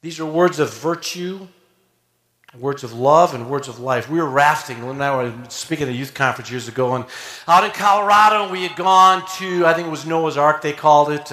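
A man preaching a sermon in a folksy, animated way, swinging from loud emphasis to hushed asides. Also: fairly high pitch, brisk, reverberant.

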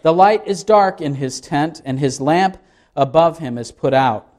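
Male preacher voicing a stern scolding friend, slow, a touch high. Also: darkish tone, close to an everyday voice. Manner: scolding, lecturing.

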